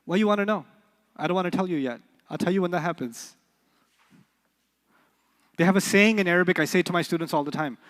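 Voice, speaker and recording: High-voiced joking man teaching in a reverberant hall. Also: fast, pauses often. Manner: playful, joking, quizzes the class. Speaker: Arabic teacher. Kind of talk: lively classroom lecture.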